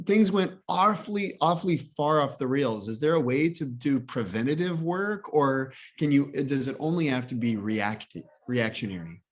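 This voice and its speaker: A man hosting a video call interview, asking questions in a casual, playful way with laughing asides. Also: on the high side. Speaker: host.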